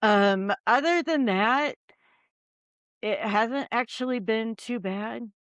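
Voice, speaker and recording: A woman's voice: fairly high pitch, slow, fairly bright tone, no echo, muffled recording. A woman who investigates the paranormal, a podcast guest telling a story in a rambling, casual way with many ums and likes.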